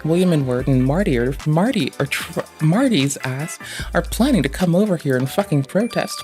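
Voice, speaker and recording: A man voicing an agitated young man who rants loudly and sounds paranoid. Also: fairly high pitch, animated, moderate pace, faint music behind, natural voice.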